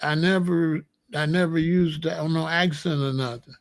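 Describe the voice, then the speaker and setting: A middle-aged American man with a fairly high, gravelly voice, heard close and dry. He hosts his own show and tells stories in a loose, animated way. He circles back over his own phrases as he talks. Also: normal speed, dry recording. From United States. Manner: animated, rambling, repeats phrases. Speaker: host. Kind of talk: casual storytelling chat.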